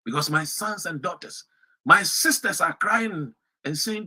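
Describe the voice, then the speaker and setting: A man from Ghana with a Ghanaian English accent, giving an impassioned political speech that swings from shouts to low, pointed emphasis. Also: animated, measured pace, slightly rough. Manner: fiery, rising to shouts and dropping to low emphasis. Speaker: political commentator.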